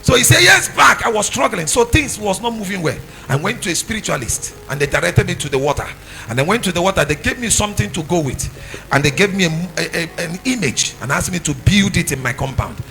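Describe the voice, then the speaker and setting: Man, preacher, high voice, gravelly, lively swings, sings and shouts phrases. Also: fast talker, slight background noise, rough recording. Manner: storytelling with rising shouts and sung phrases. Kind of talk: sermon testimony.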